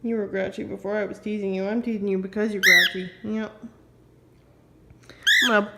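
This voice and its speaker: A woman at home talking to her pet bird, gently scolding and teasing it. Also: medium pitch, steady tone, moderate pace, pauses often. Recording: loud background noise.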